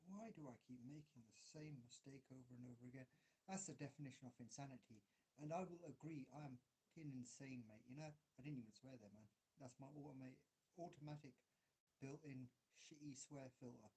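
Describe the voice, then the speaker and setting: A man's voice: mid-range voice, fairly quick, mellow, breathy edge. A man with an English accent who grew up in Derby, rambling casually and mocking himself as he solders, swearing often and restarting his sentences. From England, grew up in Derby. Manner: self-mocking, swears a lot, many restarts. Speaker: hobbyist video maker.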